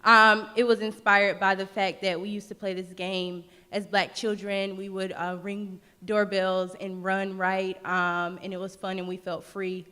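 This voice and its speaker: Bright-voiced woman poet working the crowd. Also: medium pitch, level tone, measured pace, hardly any pauses, clean tone. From North Carolina. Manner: engaging crowd, rhythmic delivery. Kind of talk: spoken word poetry performance. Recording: reverberant library hall.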